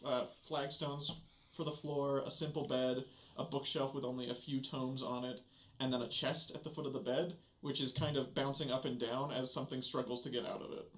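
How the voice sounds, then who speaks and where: A man running a tabletop game as game master, describing scenes in a relaxed, casual way. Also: medium pitch, normal speed.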